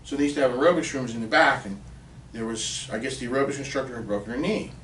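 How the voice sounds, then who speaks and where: A man in his fifties from Pennsylvania, with an ordinary middle-pitched voice, talks fast while telling a casual, animated story as a podcast guest, swearing now and then. The mic sits some way off in a reverberant room, giving a roomy, distant sound with a little hiss or hum.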